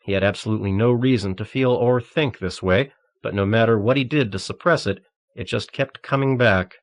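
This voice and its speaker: A man narrating an audiobook thriller in a steady, measured reading. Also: fairly low pitch, dry recording, studio quality.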